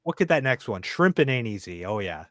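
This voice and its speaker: A man's voice: mid-range voice, very animated, brisk, a bit bright, no echo, clean studio sound. A man co-hosting a podcast in casual chat, laid-back and laughing often.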